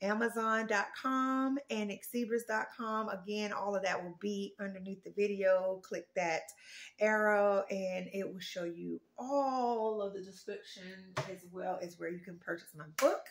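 A woman's voice: mid-range voice, measured pace. A woman vlogging casually while she works, chatty and exclaiming, a little out of breath. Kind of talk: casual vlog to viewers.

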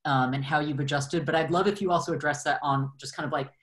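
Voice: mid-range voice, fairly even intonation, quick pace, fairly bright tone. A panel moderator who frames audience questions casually and hesitantly, with many fillers.

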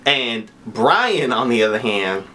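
A young man answers viewer questions in a casual vlog. He is sassy and foul-mouthed, and his voice leaps up and drops low to punch his jokes. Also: slow. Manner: sassy, profane and very expressive; big swings in pitch for emphasis. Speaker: vlogger.

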